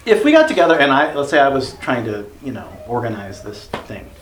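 A man's voice: mid-range voice, very animated, fairly quick. A man leading a church small group in a casual teaching discussion, rambling with many fillers and self-corrections. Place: basement meeting room. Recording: roomy echo, faint background noise.

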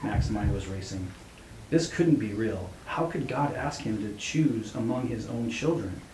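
A man's voice: on the low side, expressive, measured pace, a little mellow. A man reading a story aloud and then reflecting on it as a preacher, with hesitant restarts. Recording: roomy echo, faint hum.

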